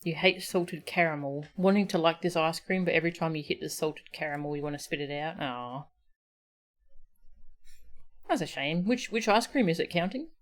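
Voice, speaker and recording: A woman's voice: sits low, normal speed. A woman game streamer chatting casually with her viewers and her cats, her voice sore from streaming. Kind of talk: casual live-stream chat.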